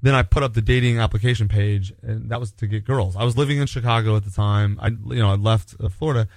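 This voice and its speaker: A man from the United States, an author guest telling stories in a relaxed, rambling interview chat. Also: lowish voice, quick pace, dry recording. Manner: rambling, self-assured storytelling. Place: home studio.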